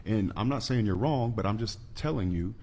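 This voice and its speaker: A man giving earnest, measured advice. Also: fairly low pitch, animated, warm tone.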